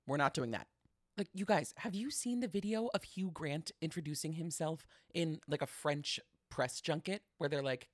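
A man's voice: on the high side, normal speed, no echo, clean studio sound. A man hosting a podcast in a casual monologue, dramatic and gushing, who chats at the listener and keeps saying "you guys". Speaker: podcast host.

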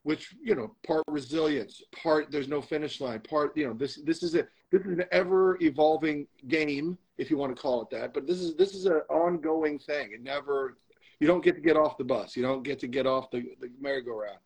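Husky, emphatic man telling a story. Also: a little high, a little fast, darkish tone, poor audio. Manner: emphatic, motivational, repeats phrases for stress. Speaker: guest. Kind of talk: candid storytelling.

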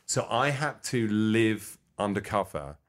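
A man's voice: fairly low pitch, lively intonation, slow pace. A British man, a comedian guest, telling stories in casual interview chat. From Britain. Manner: storytelling with quoted voices.

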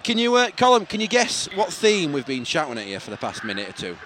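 A young man co-hosting a casual football podcast, playful and quick to laugh. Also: on the high side, a little hiss or hum. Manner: giggly, playful, lively. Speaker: podcast co-host.

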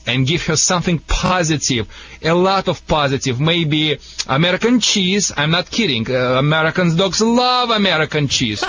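A Russian-accented man gives dog-training advice to radio callers, joking and chuckling in broken English. His voice sits a little high. The sound is dull and lo-fi, like an old radio broadcast. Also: animated, moderate pace, a bit bright.

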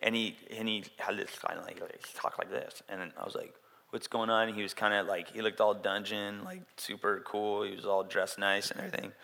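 A man preaching a sermon in a casual, animated way, acting out quotes as he tells stories. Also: lowish voice, a little fast, vocal fry. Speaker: pastor. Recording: long hall reverb.

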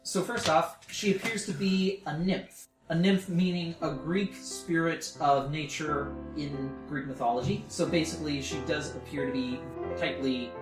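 A man running a tabletop game as game master, describing scenes slowly with many fillers, in an echoey room with loud music. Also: fairly high pitch, steady tone. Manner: slow, searching description with fillers.

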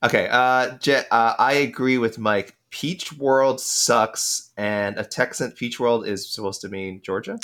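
A young man co-hosting a casual sports podcast, reading out listener picks quickly with lots of fillers and restarts. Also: medium pitch, fairly bright tone. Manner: quick, rambling, self-interrupting with many fillers.

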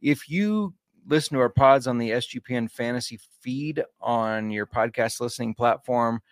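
A man's voice: mid-range voice, normal speed, no echo, clean studio sound. A man co-hosting a casual podcast, joking and easygoing, sometimes reading notes aloud. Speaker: podcast co-host.

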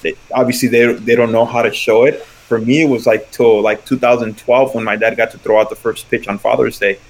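A man's voice: mid-range voice, little pitch movement, brisk, poor audio. A man who plays pro baseball, talking earnestly about his dad in a casual chat. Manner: earnest, reflective.

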